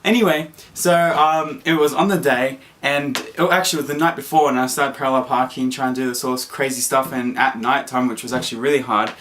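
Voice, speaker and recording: A young man telling a story to camera in a casual, excitable vlog, full of fillers and acted-out quotes. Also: mid-range voice, fairly quick, hardly any pauses, a little hiss or hum. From Australia. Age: young adult. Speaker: vlogger.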